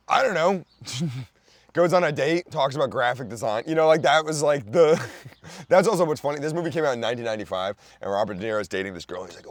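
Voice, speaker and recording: A young man with a Philadelphia accent rambles through a comedic rant. His voice jumps around a lot in pitch and restarts often. The recording is dry and close, with no room sound. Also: very animated, quick pace, no room sound. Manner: loose, rambling, lots of fillers and restarts, sudden loud outbursts. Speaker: podcast host.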